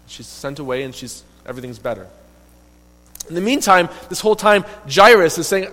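Man, pastor, sermon storytelling, emphatic, slightly high voice, echoing hall. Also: lively intonation, brisk, fairly bright tone. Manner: storytelling, voicing quoted characters, emphatic swells. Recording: long reverb of a hall.

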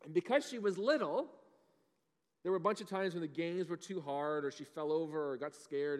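Animated man preaching to children. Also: a little high, fast. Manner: animated, asks the kids questions. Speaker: children's pastor. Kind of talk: kids' sermon. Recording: long hall reverb.

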